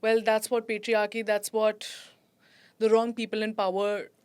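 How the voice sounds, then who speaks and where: A woman's voice: medium pitch, completely flat delivery, a little slow, darkish tone, clean tone. A woman from Delhi with an Indian English accent, chatting animatedly as a podcast guest, laughing often and slipping into Hindi. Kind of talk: casual podcast chat.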